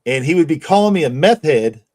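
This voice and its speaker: Profane, higher-voiced laughing male streamer. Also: lively intonation, brisk, a little mellow. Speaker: streamer host. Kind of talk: casual livestream chat.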